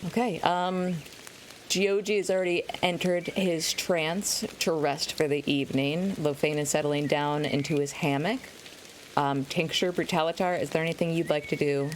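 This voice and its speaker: A woman running a tabletop game as game master, narrating in an animated, playful way. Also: sits low, moderate pace, slight background noise.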